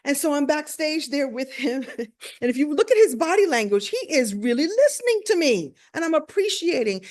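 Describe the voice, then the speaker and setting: A woman's voice: high voice, very animated, moderate pace, darkish tone. A woman from the United States, a speaker and coach, telling a story in a playful, self-mocking way and acting out voices. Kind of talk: storytelling talk.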